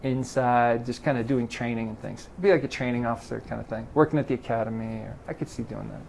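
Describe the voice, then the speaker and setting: A middle-aged Los Angeles man who presides over a triathlon club tells stories in a casual interview, animatedly acting out the dialogue he quotes. His voice is gravelly and medium-pitched, and he talks fast. He's in a garage, with slight background noise on the recording.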